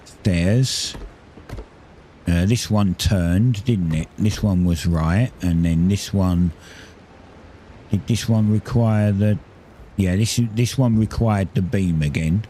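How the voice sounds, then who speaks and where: A low-voiced man chats his way through a building game, explaining each step as he goes and often stopping to correct himself. His talk is loose and unscripted, with a faint hiss of background noise under the voice. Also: takes it slowly, pauses often, warm tone. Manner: rambling, self-correcting, explains building steps. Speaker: gaming streamer. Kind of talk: casual gameplay commentary.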